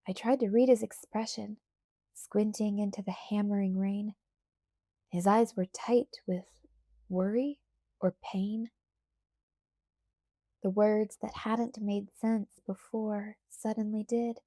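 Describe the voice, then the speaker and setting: A woman narrating an audiobook in a calm, measured first-person reading. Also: mid-range voice, dry recording, studio quality. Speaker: audiobook reader.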